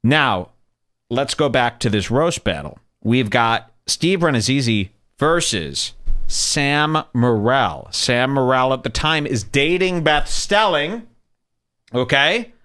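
A man hosts a podcast from a studio and comments on video clips. He talks casually and sarcastically, and his pitch swings widely as he animates his story. He speaks into a close studio microphone. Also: expressive, slow pace, a bit bright. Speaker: podcast host.

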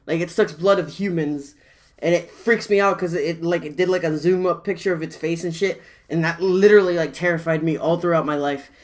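A young man hosting a casual reaction video, talking excitably and swearing freely. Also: on the high side, a little fast. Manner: excitable, shrieks and swears when scared.

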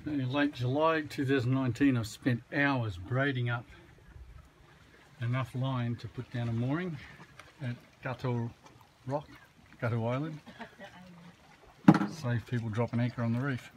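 A man's voice: medium pitch, steady tone, a little slow, long pauses, a little hiss or hum, poor audio. Australian man, mumbly and joking. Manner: joking, self-deprecating, says he mumbles. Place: on a sailboat.

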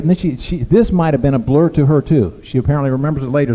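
Halting preacher in a reverberant church. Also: male voice, mid-range voice, dark tone. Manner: conversational, halting, many restarts. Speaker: pastor. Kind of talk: sermon. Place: church sanctuary.

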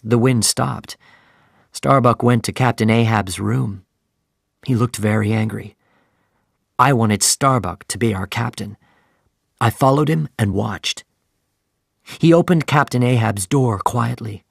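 A man narrating a simplified storybook in a slow, clear reading manner. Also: medium pitch, no echo, studio quality. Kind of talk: graded reader audiobook narration.

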